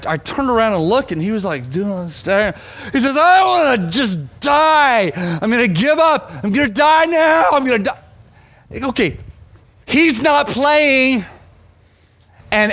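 Middle-aged man, pastor, storytelling sermon, animated, emphatic, stumbling restarts, fairly high voice.

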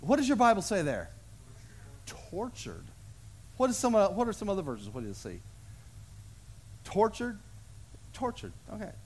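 Lively, high-voiced pastor preaching. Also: male voice, normal speed, long pauses, breathy edge. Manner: animated storyteller, acts out voices in the parable. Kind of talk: sermon. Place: church sanctuary.

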